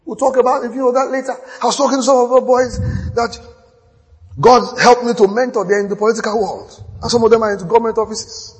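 A man preaching a sermon, telling stories with quoted dialogue and building to shouts. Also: extremely high pitch, steady tone, fast, a faint crowd, slight background noise. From Nigeria. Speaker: pastor. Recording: long hall reverb.

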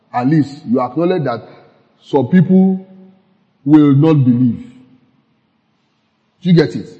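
A man's voice: a little high, a little mellow. A man preaching a casual, conversational sermon, laughing often and checking whether his listeners follow. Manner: laughs often, asks the audience if they follow. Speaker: pastor. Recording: muffled sound with long hall reverb.

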